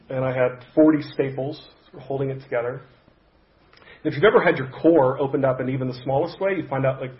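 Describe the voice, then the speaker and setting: A man pastor telling a personal story in a sermon, conversational and halting, with frequent restarts. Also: medium pitch, reverberant, dull audio. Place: church sanctuary.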